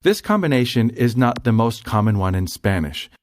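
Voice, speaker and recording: A man giving scripted, measured explanations as a language instructor. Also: mid-range voice, sing-song, no echo.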